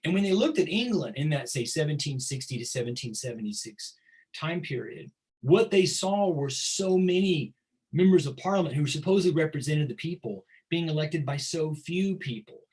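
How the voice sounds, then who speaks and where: A middle-aged male teacher gives a history lecture in a loose, conversational way. His voice sits a little high for a man. He often stumbles and repeats words while he gathers his thoughts, then answers his own rhetorical questions. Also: expressive, moderate pace, darkish tone, low-quality recording.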